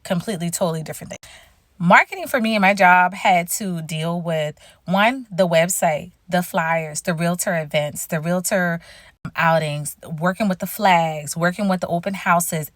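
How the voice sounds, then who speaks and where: A woman's voice: fairly low pitch, a bit bright, no echo. A woman casually telling the story of her career, acting out quoted dialogue with big jumps in her voice.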